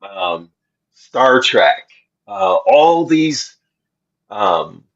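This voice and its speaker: A man talking earnestly and slowly about Bible verses in a casual discussion, often restarting his sentences. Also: medium pitch, very animated, gravelly, a bit bright, muffled recording. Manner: slow, earnest preaching tone with many restarts. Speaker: co-host of faith podcast.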